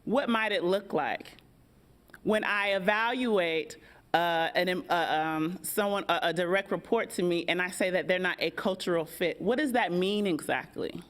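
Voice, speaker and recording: An American woman with a lowish, slightly bright voice speaks at normal speed on a panel in an event hall. A workshop facilitator, she's engaging and conversational, posing questions to the audience.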